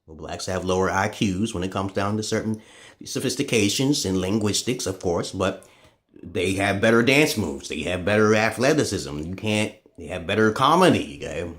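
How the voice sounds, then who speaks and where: A man in a casual, profane ranting monologue to camera, swinging between loud outbursts and low muttering. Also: lively intonation, moderate pace. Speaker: vlogger.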